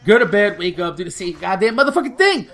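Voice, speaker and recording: Profane, rambling high-voiced young man. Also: very animated, quick pace, fairly bright tone. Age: late 20s. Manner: rambling, heavily profane, laid-back street slang. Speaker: gaming channel host. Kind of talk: storytelling over gameplay.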